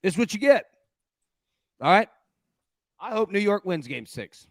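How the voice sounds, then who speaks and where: A man hosts a sports betting show in loose, casual chat. He gets animated and excitable as he jokes and recaps games. His voice sits a little high, and the sound is dry and close. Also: unhurried, no room sound.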